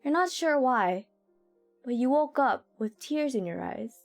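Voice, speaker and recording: Brief: woman game streamer, high voice, reads text aloud and reacts openly, home setup. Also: lively intonation, unhurried, vocal fry, soft background music.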